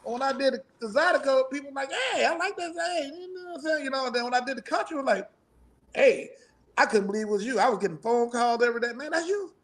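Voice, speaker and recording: A man's voice: very high-pitched, fast talker, fairly bright tone. A middle-aged man, a musician guest in a casual interview, talking in a rambling, profane way and laughing often.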